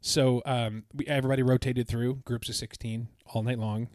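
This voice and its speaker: A man's voice: mid-range voice, level tone, normal speed, darkish tone, dry recording, studio quality. A man co-hosting a podcast, telling a long, enthusiastic travel story in a casual, rambling way with many restarts. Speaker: podcast co-host. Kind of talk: casual chat.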